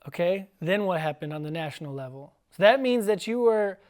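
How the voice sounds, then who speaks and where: A man's voice: sits high, lively intonation, darkish tone, smooth. Playful guy teacher hosting a podcast, chatty and joking around. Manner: playful, chatty, sounds out words slowly. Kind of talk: casual interview.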